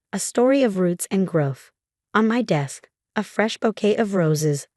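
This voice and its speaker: A woman giving calm, measured first-person narration of a scripted story. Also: on the low side, no echo, studio quality.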